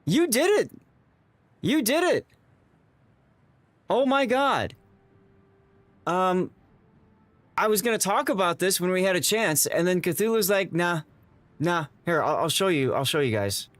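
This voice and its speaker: A man's voice: high voice, animated, measured pace, long pauses, a bit bright, no room sound. A man streaming live to his viewers, emotional and stammering, repeating himself as he thanks them. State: tearing up. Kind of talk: excited live-stream chat.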